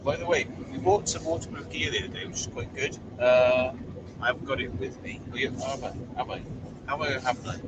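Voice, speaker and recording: A man's voice: medium pitch, a little fast. A man hosting a casual live stream from inside his car as he drives, chatting and reading out viewer comments. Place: inside a car while driving. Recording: distant mic with loud car noise.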